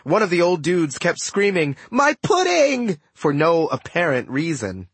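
A man giving expressive first-person audiobook narration in a close studio recording. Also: fairly high pitch, normal speed, breathy edge, no echo. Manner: animated, expressive storytelling.

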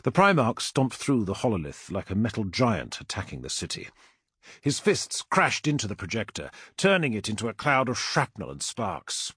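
Husky man narrating an audiobook. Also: fairly low pitch, big pitch swings, moderate pace, fairly bright tone, no room sound, clean studio sound. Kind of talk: scripted narration.

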